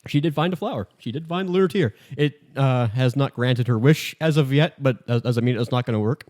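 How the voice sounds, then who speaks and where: A man's voice: mid-range voice, brisk, darkish tone. A man hosting a podcast, casually recapping a video game in a rambling, jokey way with lots of fillers. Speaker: podcast host.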